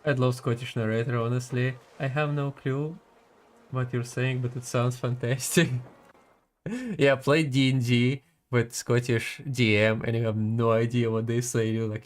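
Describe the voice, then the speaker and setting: Guy streaming a game, chatty n giggly, rambles a lot, normal pitch. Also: flat delivery, a little slow. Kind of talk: casual gaming commentary.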